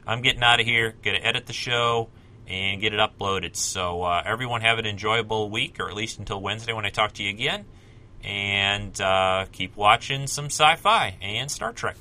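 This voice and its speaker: A man's voice: on the low side, moderate pace, bright, forceful tone. A man hosting a solo podcast, talking casually and rambling with self-corrections and asides. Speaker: podcast host.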